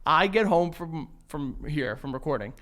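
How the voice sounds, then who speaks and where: A man's voice: fairly high pitch, moderate pace. A man in his thirties co-hosting a podcast in casual chat, telling family stories with lots of laughter and swearing. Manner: laughing, animated storyteller, swears often. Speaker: podcast co-host.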